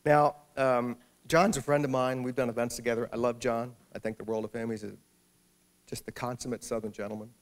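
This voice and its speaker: A man's voice: medium pitch, flat delivery, brisk. A man, an author, giving a talk to a library audience and telling a funny anecdote. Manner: storytelling with humor. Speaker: author speaking at a library event. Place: public library hall.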